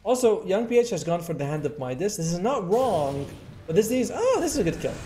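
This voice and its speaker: A man's voice: high voice, big pitch swings, a little fast, dark tone. A man with a somewhat raised voice breaks down esports plays as the color commentator, explaining why fights go wrong. He keeps it chatty and jokes along with his partner, with a faint noise floor behind him. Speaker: esports co-caster. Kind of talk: live analytical color commentary.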